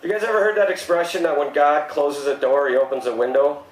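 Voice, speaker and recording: A man in his thirties works through a stand-up set, his voice sitting a little high for a man. He delivers dry one-liners and then jumps into mock shock. The stage mic picks up a roomy, echoey club. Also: fairly even intonation, fast talker. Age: 30s. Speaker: stand-up comedian.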